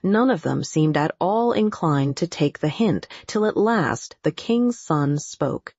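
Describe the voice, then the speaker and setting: A woman reads an adventure audiobook in a low, husky voice, steady and deliberate. The recording is dry and close, with a slightly dull, muffled tone. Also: no echo. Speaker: audiobook narrator. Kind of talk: scripted audiobook narration.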